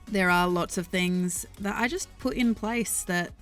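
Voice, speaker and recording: A woman's voice: fairly low pitch, a little slow, a bit bright. An Australian woman chatting casually on a live stream, rambling thoughtfully with many ums and restarts as she answers chat. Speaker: streamer and worldbuilder. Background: faint background music.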